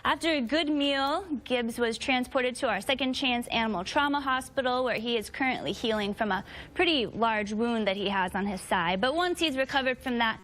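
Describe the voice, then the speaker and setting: A woman host with a bright, polished delivery, reading scripted segments about rescued pets. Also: fairly high pitch, moderate pace.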